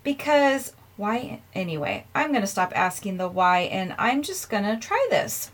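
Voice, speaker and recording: A woman's voice: mid-range voice, very animated, measured pace. A woman hosting a podcast who rambles along in a chatty, offhand way and pokes fun at herself. She laughs easily and keeps things casual while recording herself at home. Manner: chatty, self-mocking, laughs often. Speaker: podcast host. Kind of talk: casual chat. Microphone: earphones in, recording herself.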